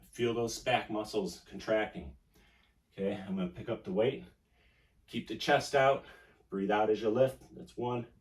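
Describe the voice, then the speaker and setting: Guy coaching a home workout while doing it, lowish voice, roomy and kinda far from the mic. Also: darkish tone. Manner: coaching, talks while exercising. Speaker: fitness instructor. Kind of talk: casual workout instruction. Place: indoor home room. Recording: echoey room, distant mic.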